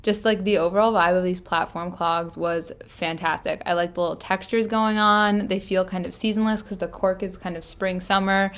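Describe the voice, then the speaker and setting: A woman's voice: fairly low pitch, fairly even intonation, normal speed, hardly any pauses. Chatty young woman narrating a thrift haul. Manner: chatty, enthusiastic, lots of "like" fillers. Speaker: fashion vlogger. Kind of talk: casual thrift-haul voice-over.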